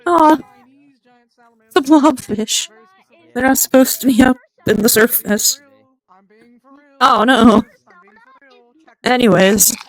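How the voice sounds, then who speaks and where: A game streamer chatting casually and excitably with viewers, rambling, joking and reacting out loud. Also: medium pitch, takes it slowly, pauses often, no room sound, low-quality recording. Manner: excitable, rambling, jokey, talks to chat. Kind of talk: casual live-stream chatter while gaming.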